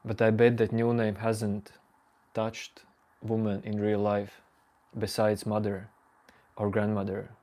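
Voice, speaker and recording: Slow, low-voiced man chatting on stream. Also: monotone, warm tone. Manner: teasing, joking with chat. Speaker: livestream host. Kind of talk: casual late-night chat with viewers.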